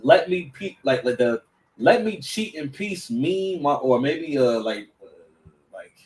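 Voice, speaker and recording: A man's voice: a little high, lively intonation, takes it slowly, a little mellow, recorded from a distance, poor audio. Stammering, slang-heavy male commentator. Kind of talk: casual reaction commentary.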